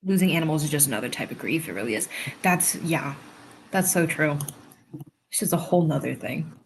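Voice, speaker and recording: A young woman with a slightly low voice chats casually on a home livestream. She reacts to viewer comments, reads them aloud and laughs often. A faint hiss sits behind her. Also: brisk. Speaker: livestream host and writer.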